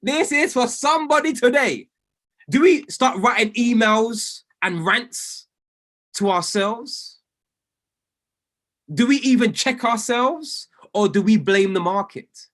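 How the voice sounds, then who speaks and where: A man, coaching a group on trading in an animated, preacher-like way with lots of emphasis and repetition. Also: extremely high pitch, takes it slowly. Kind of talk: motivational talk to a group.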